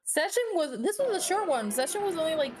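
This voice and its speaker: A woman casually recounting a tabletop game session with animated, expressive delivery, swearing freely and laughing often. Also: extremely high pitch, a little fast, a crowd in the background. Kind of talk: casual storytelling on a stream.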